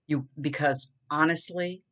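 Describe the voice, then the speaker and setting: A woman's voice: low-pitched, fairly even intonation, unhurried, fairly bright tone. Earnest rambling sounding woman. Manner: earnest, rambling, addresses viewers as y'all. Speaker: vlogger. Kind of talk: casual talking-head monologue.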